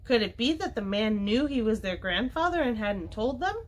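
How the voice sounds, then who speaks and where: Library read-aloud, woman narrator, expressive and lively pitch. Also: moderate pace. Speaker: library storytime reader. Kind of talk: reading a children's book aloud.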